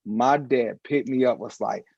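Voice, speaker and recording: A man's voice: mid-range voice, a little slow, gravelly, husky, no echo. A man telling a personal story in a casual panel conversation, acting out the voices of the people in it. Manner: animated, acts out the voices in his stories. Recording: dull, dry recording.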